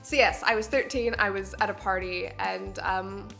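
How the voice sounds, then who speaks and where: A woman's voice: medium pitch, moderate pace, creaky, faint music behind. A young woman from Canada in her twenties, chatting to camera for her vlog and telling embarrassing stories with lots of giggles. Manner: giggly, animated storytelling. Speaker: beauty vlogger. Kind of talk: casual chat to camera.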